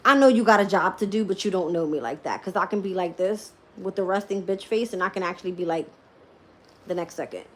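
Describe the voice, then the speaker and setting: A woman reads tarot cards live and chats with her viewers, tired but laughing often and swearing casually. She speaks at a middling pitch. A faint background noise runs under her voice. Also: fairly quick. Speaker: tarot reader. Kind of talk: live-stream tarot reading and casual chat.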